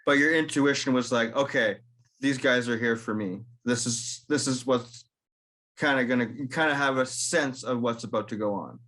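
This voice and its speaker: A man's voice: medium pitch, normal speed, a bit bright. A man hosting a casual podcast interview, prompting his guest with short sympathetic reactions. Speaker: podcast host.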